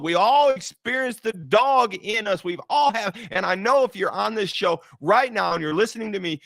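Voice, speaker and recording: Middle-aged guy doing a faith pep talk, kinda high voice, preachy and repeats himself a lot, dry close sound. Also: animated, normal speed, vocal fry, few pauses, fairly bright tone, dry recording. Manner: emphatic and repetitive, preacher-like cadence. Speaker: motivational speaker. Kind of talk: faith-based motivational talk.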